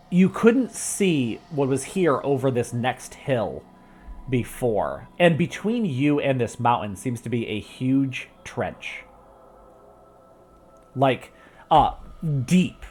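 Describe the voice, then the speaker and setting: A man's voice: medium pitch, sing-song, slow pace, long pauses, a little mellow, breathy edge. A man narrating a tabletop game as game master, rambling with many fillers and restarts, into a home microphone with a pop filter.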